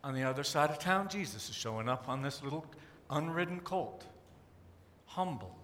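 A pastor telling a story in a sermon, animated and acting out the crowd's cries. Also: male voice, on the high side, normal speed, a little hiss or hum. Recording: long hall reverb.

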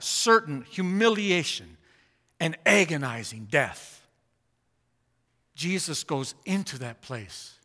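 A man preaching a sermon, swinging from hushed, slow lines to loud, emphatic ones. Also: a little high. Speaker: pastor. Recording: long hall reverb.

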